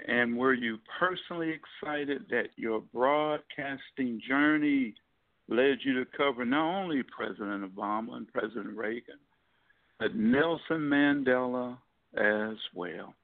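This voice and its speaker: Male host, gravelly, affirming, faith-minded questioner, phone-like sound. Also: mid-range voice, a little slow. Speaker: interview host. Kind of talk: interview questions with faith talk.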